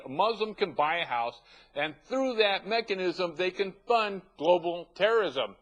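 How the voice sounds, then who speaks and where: A man's voice: high-pitched, fairly bright tone, rough recording. A man hosting a talk show, delivering emphatic, ranting commentary and stacking long lists.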